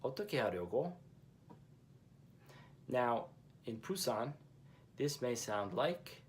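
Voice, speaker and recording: A man's voice: mid-range voice, big pitch swings, normal speed, slight background noise. A man teaching a language lesson who explains patiently and repeats each example phrase twice.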